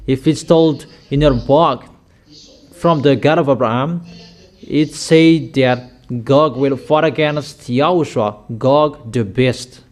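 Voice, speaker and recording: A man preaching a sermon in slow, emphatic prophetic declarations. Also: medium pitch.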